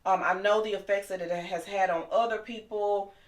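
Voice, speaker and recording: A woman's voice: mid-range voice, fairly even intonation. Impassioned woman in an echoey room. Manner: impassioned, talks fast and heated. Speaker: guest. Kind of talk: emotional personal storytelling.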